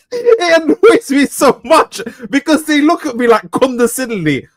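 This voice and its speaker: A man in his thirties from the United Kingdom, co-hosting a casual podcast, telling animated stories and swearing freely. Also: very high voice, takes it slowly, dry recording. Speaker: co-host, author.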